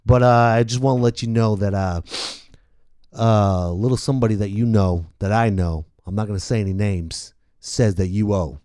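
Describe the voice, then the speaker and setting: A man putting on a falsely courteous middle-aged mob enforcer who hedges with many pauses. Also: lowish voice, mellow, no echo, studio quality, voice pushed down, lightly acted. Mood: smooth menace. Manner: hesitant, falsely courteous, full of "uh"s.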